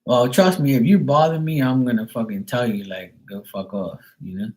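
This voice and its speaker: A man's voice: mid-range voice, moderate pace, darkish tone. A man who reads tarot, ranting casually and bluntly on a live stream, swearing freely. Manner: profane, exasperated, blunt. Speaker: tarot reader.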